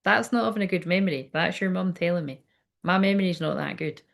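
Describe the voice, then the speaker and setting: A woman's voice: lowish voice, quick pace, vocal fry. A woman medium chatting casually during a live reading, rambling, laughing often and swearing freely. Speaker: psychic medium.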